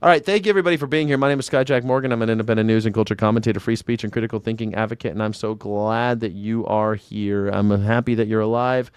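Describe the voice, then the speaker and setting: Reading out viewer comments in a casual livestream, the male commentator on news and culture wanders from point to point, sarcastic and cursing. He speaks on the low side with a steady, clean tone, quickly and with hardly any pauses. The recording is dry.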